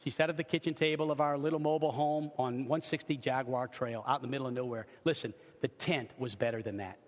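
A middle-aged male pastor preaching a sermon and telling a personal story, swinging from loud emphatic bursts to hushed narration, with humorous asides and repeated words as he builds a point. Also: a little high, a little fast. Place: church sanctuary. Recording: long reverb of a church hall.

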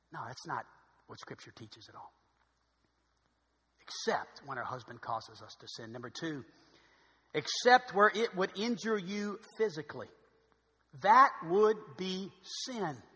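A man preaching a sermon as pastor, swinging between loud emphatic stretches and quiet asides. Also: a little high, husky. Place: church sanctuary. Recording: long hall reverb.

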